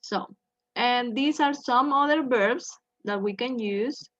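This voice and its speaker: A woman teaching an English grammar lesson, speaking slowly and checking in with "okay" after each point. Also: fairly high pitch, fairly bright tone, no room sound. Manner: slow, repeats "okay" to check in with students. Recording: dull lo-fi sound.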